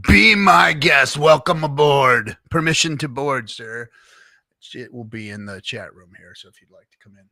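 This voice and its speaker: A man hosting a live stream in a bright, forceful voice, cursing freely and ranting at his chat. The sound is close and dry, with no room echo. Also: mid-range voice, lively intonation, normal speed. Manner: profane, ranting, exasperated; greets chat viewers by name. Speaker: livestream host.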